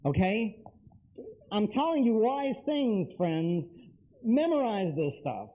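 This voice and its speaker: A man's voice: sits high, very animated, takes it slowly. A man giving a live lecture to an audience, talking emphatically and straight to them with repeated phrases. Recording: tinny lo-fi lecture recording.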